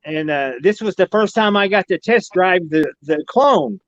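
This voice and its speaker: A man's voice: high-pitched, moderate pace, dry recording, dull audio. A man telling a long story as a podcast guest, in a rambling, folksy way that keeps circling back with "she said.". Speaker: podcast guest recounting an alien encounter. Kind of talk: casual storytelling.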